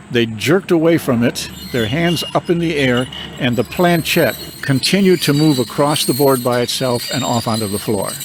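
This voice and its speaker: A man's voice: medium pitch, noisy background. Older man telling ghost stories. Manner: calm, measured storytelling with dramatic pauses. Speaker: paranormal investigator and reverend. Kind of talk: storytelling.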